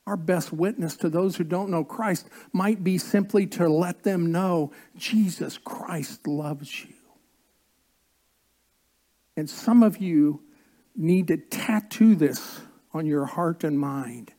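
Male pastor, sermon, fairly high voice, unhurried, earnest, drawn-out emphasis. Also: warm tone. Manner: coaxes the congregation to join in.

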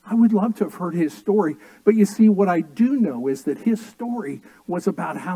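A middle-aged male pastor preaches a sermon from the pulpit, drifting into homely stories told with dry humor. His voice is somewhat high for a man but dark and mellow, with lively intonation, normal speed and hardly any pauses. The recording is close and dry, with no room echo.

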